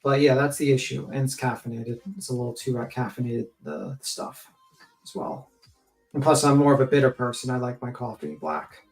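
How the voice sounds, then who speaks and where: A man's voice: medium pitch, normal speed, a little mellow, faint music behind, low-quality recording. A man in a casual livestream chat, rambling and joking, with frequent swearing and filler words.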